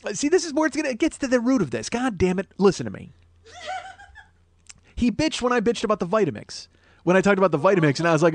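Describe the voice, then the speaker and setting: This forties-aged comedy podcaster speaks quickly and expressively in a high voice. Alone on the mic, he rants profanely and in exasperation, bouncing between mock fury and mumbled asides.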